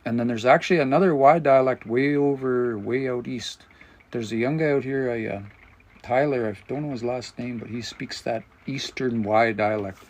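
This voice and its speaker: A man's voice: medium pitch, moderate pace. A man hosting a livestream language lesson, explaining grammar as he thinks aloud and searches for words. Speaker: language teacher and livestream host.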